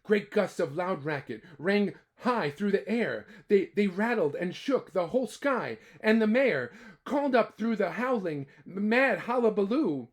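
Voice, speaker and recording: A man reading a picture book aloud to children, animated and chatty between pages. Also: high voice, a little slow. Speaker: storyteller.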